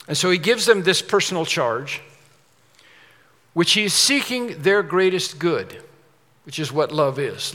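Forceful, emphatic man preaching in a hall. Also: mid-range voice. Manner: emphatic, repeats key words for stress. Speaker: pastor. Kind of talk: expository sermon.

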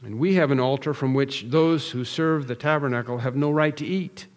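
A man's voice: medium pitch, moderate pace, big-room sound. A man preaching an expository sermon, earnest and emphatic, building through repeated phrases with frequent restarts. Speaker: pastor.

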